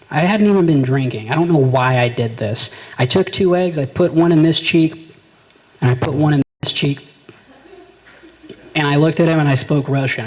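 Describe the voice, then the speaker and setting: A man with a slightly high, darkish voice performs a stand-up set at a small live venue, captured in a low-quality recording. His delivery is conversational storytelling, full of quoted back-and-forth exchanges.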